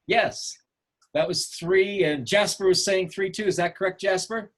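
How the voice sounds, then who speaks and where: A man's voice: high-pitched, a little slow. A man teaching a photography class over a video call, asking the students questions and encouraging them.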